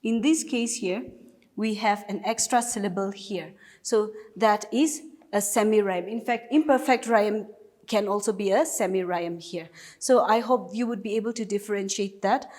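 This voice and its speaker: A woman's voice: mid-range voice, moderate pace, a little mellow, in a large hall. A woman with a Nagaland accent, teaching an English class and patiently explaining step by step with repeated examples.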